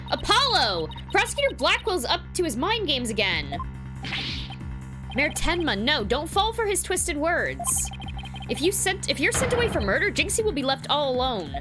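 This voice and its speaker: A woman voicing a frantic, excitable young female defense attorney, with game music behind. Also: moderate pace. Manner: frantic, high-pitched.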